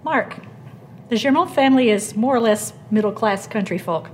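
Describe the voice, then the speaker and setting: A woman moderating a panel, posing clear questions and steering the talk back on track. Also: a little high, animated, normal speed, a little mellow, slight background noise. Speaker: interviewer. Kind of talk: panel interview.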